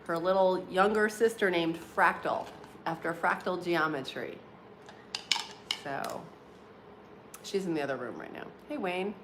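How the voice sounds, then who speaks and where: A woman in her forties hosting a casual livestream from home, chatting with viewers, laughing often and filling with "like" and "um". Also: fairly low pitch. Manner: chatty, laughs often, uses many fillers. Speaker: livestream host. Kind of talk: casual live-stream chat with viewers. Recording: clear background noise.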